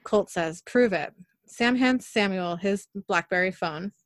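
A woman's voice: medium pitch, a little slow, no room sound, studio quality. A woman casually recapping a TV episode, narrating scenes and quoting characters' lines in her own voice. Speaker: podcast host recapping an episode.

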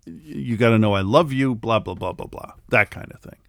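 A man's voice: medium pitch, lively intonation, normal speed, gravelly, fairly bright tone, dry recording, studio quality. A middle-aged man in casual chat, ranting with lots of swearing and mimicking people he quotes.

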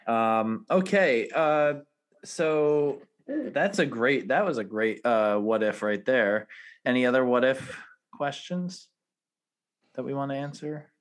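A man in his forties co-hosting a podcast, chatting casually and telling stories with animated energy and easy laughter. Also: mid-range voice, takes it slowly. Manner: animated storytelling, laughs easily. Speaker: podcast co-host. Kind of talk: casual chat.

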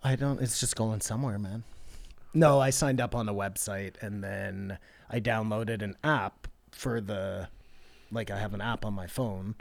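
A man with a lowish voice co-hosts a casual podcast, rambling along with an exasperated edge. The sound is close and dry. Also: fairly even intonation, measured pace, vocal fry, dry recording. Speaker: podcast co-host.

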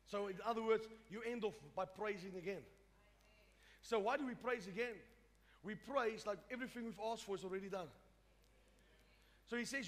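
A man's voice: high voice, a bit bright. A man preaching a sermon, emphatic and repetitive, often restarting his phrases. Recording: reverberant hall with faint music.

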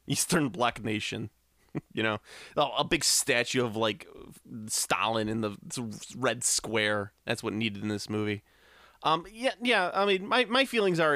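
A man ranting in an animated, laughing way during a casual chat. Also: medium pitch, no room sound, clean studio sound.

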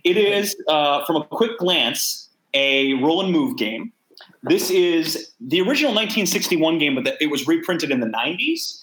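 A man's voice: on the high side, big pitch swings, moderate pace, fairly bright tone, reverberant, low-quality recording. A man joining a casual podcast chat as a guest, speaking with dry, wry humor.

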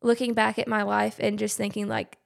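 A woman's voice: mid-range voice, flat delivery, brisk, creaky. A young woman, a podcast guest talking earnestly in a casual conversation. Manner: earnest, many "like" fillers.

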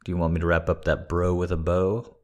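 A man's voice: low voice, completely flat delivery, fairly quick. A man hosting a livestream, chatting casually and rambling with jokes and lots of swearing as he thanks supporters. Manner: rambling, profane, joking. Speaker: livestream host reading requests for patrons.

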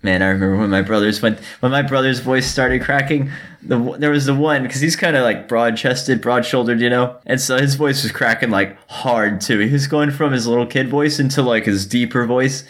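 A man's voice: mid-range voice, fairly quick. A man in his twenties co-hosting a podcast, chatting casually and joking with frequent laughter. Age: 20s. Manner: joking, laughs often, animated. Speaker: podcast co-host. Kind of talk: casual chat.

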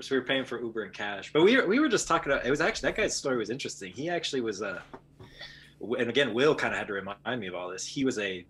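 A man who is fluent in Arabic, a guest in a casual chat, talking in a relaxed, rambling way. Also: fairly low pitch, quick pace, slight background noise. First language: speaks Arabic fluently.

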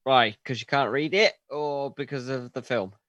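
A man's voice: medium pitch, moderate pace, fairly bright tone, no echo. A man co-hosting a casual film review podcast, easygoing and agreeable, with a jokey streak. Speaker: podcast co-host.

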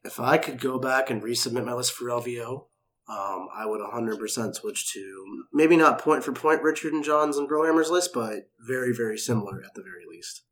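A man's voice: mid-range voice, fairly quick, fairly bright tone. A man who teaches classes, chatting casually and emphatically on a podcast. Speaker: instructor and podcast co-host. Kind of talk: casual chat.

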